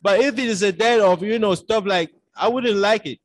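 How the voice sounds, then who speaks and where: High-voiced Cameroonian man telling a dramatic story. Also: moderate pace, dry recording. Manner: dramatic storyteller, acts out his own past dialogue. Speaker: podcast guest. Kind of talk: storytelling in casual conversation.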